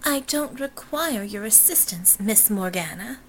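A woman's voice: mid-range voice, expressive, a little slow, a little hiss or hum, close to an everyday voice, low-quality recording. A woman voicing a haughty young blonde heiress who speaks in a prim, formal, disdainful way.

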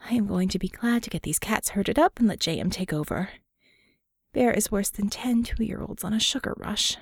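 A woman voicing a brisk, wry young woman coordinating her team. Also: mid-range voice, expressive, gravelly, husky, no echo, clean studio sound.

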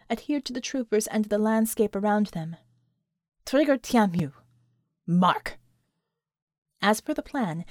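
A woman reading an action story aloud as narrator, steady and measured. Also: on the high side, no room sound, clean studio sound. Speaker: audiobook narrator. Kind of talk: scripted narration.

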